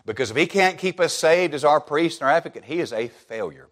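Emphatic, rather high-voiced male preacher. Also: expressive, brisk. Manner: emphatic, with rhetorical questions and repetition. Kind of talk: sermon.

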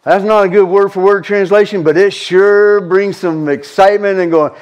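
A man's voice: sits high, steady tone, moderate pace. A man with a Southern US accent preaching a fervent sermon, repeating words for emphasis. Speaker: pastor.

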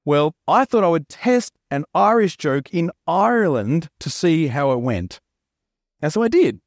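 An Australian man preaching with a chatty, joking storyteller's manner. His voice sits a little higher than most men's, and the sound is close and dry, with no room echo. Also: sing-song, measured pace. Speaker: pastor. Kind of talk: sermon.

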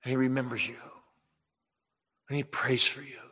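A man preaching a sermon with passion, rising loud when he voices Jesus and dropping soft and low when he pleads. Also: fairly even intonation, moderate pace, long pauses, breathy edge. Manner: impassioned, swells loud on quoted words of Jesus and drops soft on pleading. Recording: long reverb of a large hall.

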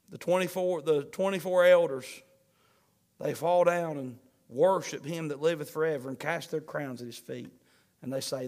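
High-voiced man preaching a sermon. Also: moderate pace, a bit bright. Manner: preaching with rising emphasis and repeated phrases. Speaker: pastor.

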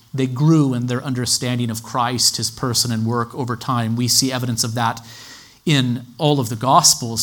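Guy giving a teaching sermon, calm and methodical, normal-pitched voice, keeps quoting verse numbers. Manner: measured and explanatory, citing scripture references. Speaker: Bible teacher.

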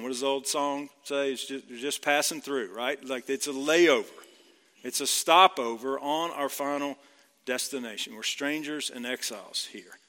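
A man's voice: mid-range voice, normal speed, pushed and bright, in a large hall. A male pastor from Georgia preaching a sermon in a conversational way, often checking in with "right?".

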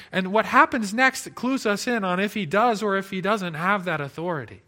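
A man preaching a sermon, expressive, moving between loud emphasis and hushed tones. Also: high-pitched, normal speed, hardly any pauses. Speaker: pastor.

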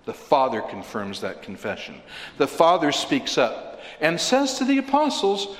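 A man's voice: fairly high pitch, huge pitch swings, a little slow, fairly bright tone, reverberant, long reverb tail. A man preaching an expository sermon, earnestly asking his listeners questions and rising to emphatic peaks. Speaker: pastor.

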